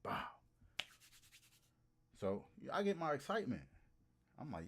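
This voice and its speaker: A man livestreaming and riffing comically to his chat, animated and hyped, repeating lines for laughs. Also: mid-range voice, measured pace, slight background noise. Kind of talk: casual comedic riffing to a live chat.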